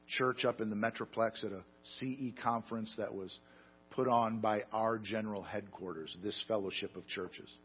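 A man preaching a sermon, telling stories with self-deprecating humor and swinging between loud emphasis and quiet asides. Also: fairly low pitch, dull audio, slight background noise. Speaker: pastor.

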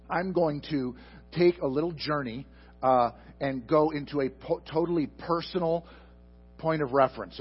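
Husky preacher swinging loud and soft. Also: male voice, fairly high pitch, dull audio. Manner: swings from loud emphatic bursts to soft, slow asides; addresses the congregation directly with questions. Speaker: pastor. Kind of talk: sermon. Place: church sanctuary before a congregation. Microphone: microphone.

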